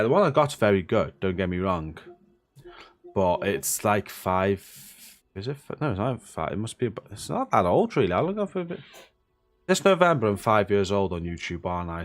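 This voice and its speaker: Low-voiced Welsh man streaming. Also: lively intonation, moderate pace. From Wales. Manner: swears freely, reads chat names aloud. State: sleepy. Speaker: streamer host. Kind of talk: casual live-stream chat.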